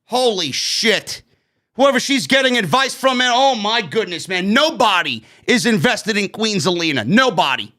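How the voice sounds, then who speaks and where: A man with a New York accent ranting loudly and profanely while reviewing a wrestling show. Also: high-pitched, sing-song, moderate pace. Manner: loud profane ranting, frequent shouting.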